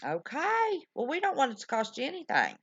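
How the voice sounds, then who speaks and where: A woman hosts a live stream, her voice a touch high and her talk folksy and chatty. The sound is dry and close, but dull and lo-fi. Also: huge pitch swings, a little fast, dry recording. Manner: folksy, chatty, affectionate with callers. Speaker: livestream show host. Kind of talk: casual live-stream chat.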